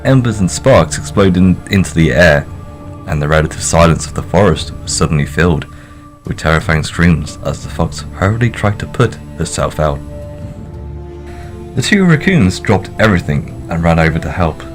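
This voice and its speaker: A man's voice: deep voice, animated, normal speed, faint music behind. A young British man reading a story aloud in a casual session, plain narration with teasing laughs between passages.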